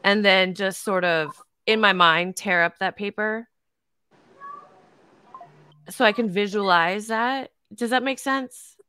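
A woman with a bright, crisp and smooth voice, speaking candidly in a casual heart-to-heart chat. The sound is dry and close to the mic. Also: mid-range voice, slow, long pauses, dry recording. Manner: open, candid, laughs easily. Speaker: show host.

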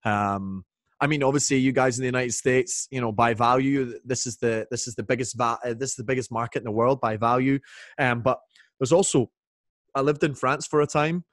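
A man with a Scottish accent, a guest in a casual video-chat interview, talking in a relaxed, jokey way with plenty of ums and restarts. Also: mid-range voice, a little fast, no room sound, clean studio sound. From Scotland. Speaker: whisky brand ambassador guest. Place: home, indoors. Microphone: video call.

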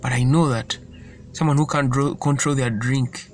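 A man delivers an informal sermon in an earnest voice of middling pitch. He circles back on his points and stumbles over words as he goes. Faint vehicle noise hums in the background. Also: steady tone, moderate pace. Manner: earnest, repetitive, stumbles and restarts. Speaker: preacher.

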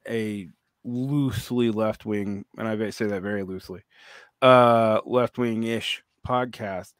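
A man's voice: on the low side, no room sound, studio quality. A man in his forties hosting a podcast, chatting casually, rambling and restarting often with many fillers. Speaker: podcast host. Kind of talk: casual conversation.

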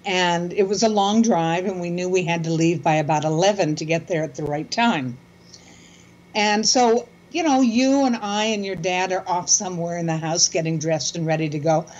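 Older woman, calm and muffled. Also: fairly low pitch, normal speed. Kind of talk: casual conversation.

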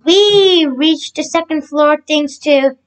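A woman reading a cheerful, bright schoolteacher. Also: high voice, slow. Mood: upbeat. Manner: reads with slips and restarts.

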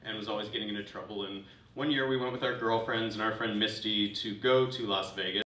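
A man's voice: lowish voice, fairly even intonation, a little fast, sharp tone. A man doing stand-up, casually telling a drunken story with plenty of swearing. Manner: casual, rambling, swears freely. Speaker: comedian and host. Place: small venue with live audience. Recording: echoey room from far off, faint noise.

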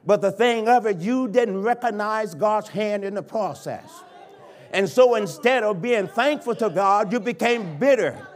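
A man with a notably high voice preaches a sermon in a church. He is fervent and dynamic, sinking to quiet pleading and then surging to full-voiced cries as a bishop. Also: unhurried. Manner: impassioned preaching that swings from hushed to shouting. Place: church sanctuary.

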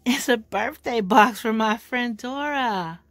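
A woman talks to her phone camera at home in a gushing, excited storytime vlog. Her voice sits a little high and her delivery is slow and unhurried. The sound is dry and close, with no room echo. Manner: gushing, excited, repeats exclamations. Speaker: vlogger. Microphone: phone camera held in one hand.

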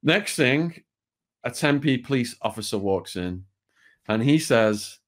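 A man's voice: medium pitch, expressive, slow pace. A British man, a guest on an interview show, telling a true story in a vivid, blunt way with the odd swear word.

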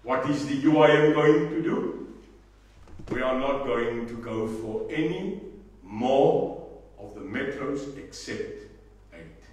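A man with a South African accent giving a rousing political speech, emphatic, swinging from low asides to shouting. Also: slow pace, long pauses. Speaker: political party leader. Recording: echoey hall, mic far off.

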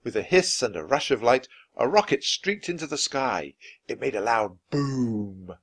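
Male storybook reader, clear and lively intonation, mid-pitched voice. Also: measured pace, no room sound. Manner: clear, expressive reading. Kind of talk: children's book read aloud for learners.

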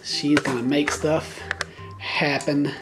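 A man's voice: fairly high pitch, flat delivery, slow, over music. A young man vlogging at home, chatting in playful baby talk to his dogs. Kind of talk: casual home vlog. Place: home indoors.

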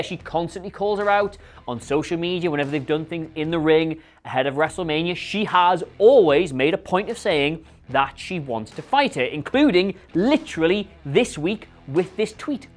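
A man hosting a scripted wrestling rumour show, talking in a sarcastic, animated, rhetorical way. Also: fairly high pitch. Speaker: host.

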